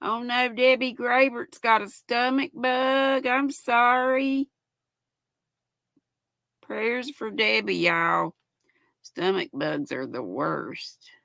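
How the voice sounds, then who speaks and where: A woman's voice: fairly high pitch, slow, vocal fry, sharp tone, dry recording. An older woman, hosting a casual live-stream chat and reading viewer comments aloud in a chatty, affectionate way. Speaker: host.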